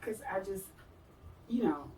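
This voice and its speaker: Animated woman telling a personal story. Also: unhurried. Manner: animated, acts out quoted voices with big pitch jumps. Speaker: interview guest. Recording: roomy, from far off the mic, faint noise.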